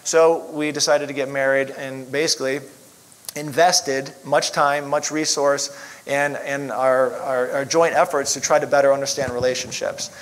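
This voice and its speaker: A man's voice: mid-range voice, little pitch movement, moderate pace, a little hiss or hum, rough recording. A middle-aged man telling his story in a casual, rambling way, full of fillers. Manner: rambling, lots of "you know" fillers. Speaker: chiropractor sharing testimony. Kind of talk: casual personal testimony.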